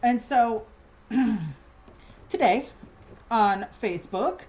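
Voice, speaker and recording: A woman's voice: a little high, animated, extremely slow, a little mellow, rough recording. A woman ranting in a casual home vlog from her dining room, agitated and rambling, with many restarts and fillers. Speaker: vlogger.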